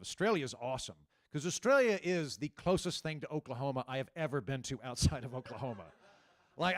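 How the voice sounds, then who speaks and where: Chatty stand-up comedian, slightly high voice. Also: male voice, no echo, clean studio sound. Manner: conversational, halting restarts, riffs with audience. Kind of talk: live stand-up set.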